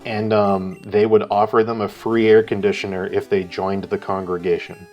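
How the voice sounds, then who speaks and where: A man's voice: on the low side, flat delivery, normal speed, faint music behind. A man co-hosting a live art stream, telling a rambling story in casual chat, swearing and acting out what people said. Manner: rambling, swears, acts out quotes loudly.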